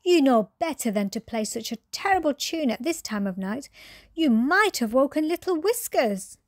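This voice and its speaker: A woman's voice: sits high, sing-song, moderate pace, no room sound, clean studio sound, voice pushed up. A woman voicing a kind young girl in a storybook, talking in an earnest, gasping way. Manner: gasping, earnest, scolding then pleading. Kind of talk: bedtime storybook voice.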